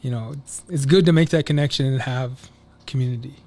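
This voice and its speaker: A man's voice: mid-range voice, brisk, mellow. A man guesting on a podcast, telling a personal story in a loose, rambling way, full of "like" and "you know". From Minneapolis, USA.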